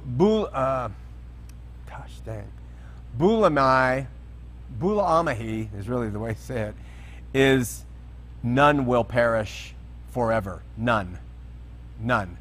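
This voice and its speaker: A man preaching a sermon, teaching through Bible verses with emphatic, questioning delivery. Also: mid-range voice.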